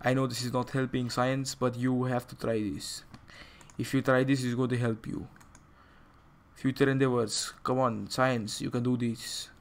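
A man hosts a livestream and banters casually with friends over voice chat, chatty and quick to laugh at himself. His voice sits at a middling pitch. The headset mic is held very close to his mouth. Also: flat delivery. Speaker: stream host.

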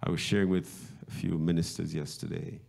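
A man preaching a sermon as a bishop, asking rhetorical questions and swinging from hushed whispers to loud, high exclamations. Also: level tone, creaky. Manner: slow, deliberate delivery with rhetorical questions.

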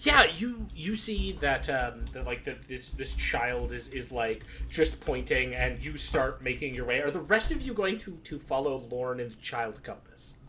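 A man running a tabletop game as game master, narrating in a halting way with many restarts. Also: medium pitch, expressive, sharp tone. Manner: laughing, halting, stumbles over words.

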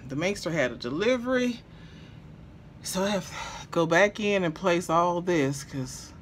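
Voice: medium pitch, fairly bright tone, slight background noise. A makeup vlogger chatting casually through a tutorial, playful and talkative, addressing viewers directly. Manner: chatty and playful, talks to viewers as y'all, chuckles.

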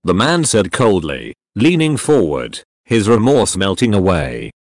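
A man narrating a story in a steady reading voice. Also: lowish voice, unhurried, hardly any pauses, no echo.

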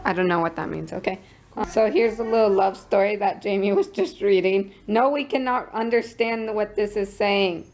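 A woman's voice: medium pitch, darkish tone, slight background noise, poor audio. A young woman chatting casually in a vlog at her market stall, giggling often. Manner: chatty and giggly, slow-paced. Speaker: vlogger.

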